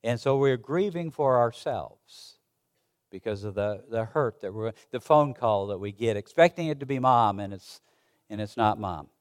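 A man, a pastor, preaching a sermon in a halting, conversational way with many restarts, reading old-fashioned scripture aloud. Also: on the low side, expressive.

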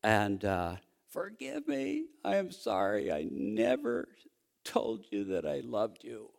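A man preaching a sermon, telling a story quietly and then rising into loud, excited preaching. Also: fairly low pitch, takes it slowly, vocal fry. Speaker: pastor.

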